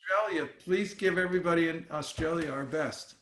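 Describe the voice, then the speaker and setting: Teaching scripture as a spiritual guide, a man narrates stories thoughtfully and haltingly, leaning on filler words. His voice is slightly high and a bit bright, recorded in an echoey room.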